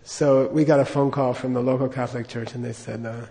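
Chatty teacher in echoey hall. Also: male voice, mid-range voice, flat delivery, a little fast, warm tone. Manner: chatty, joking, leads chanting. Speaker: Buddhist teacher. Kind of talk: dharma talk with storytelling.

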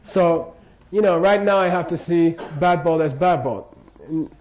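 This older man's voice is on the high side, unhurried and a little mellow. He's a Buddhist teacher delivering a relaxed, joking lecture, often pausing to check in with listeners, captured on a dull lo-fi recording.

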